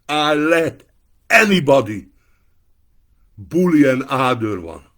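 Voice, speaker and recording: A man giving an angry, profane political rant to camera, breaking into shouted outbursts. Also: mid-range voice.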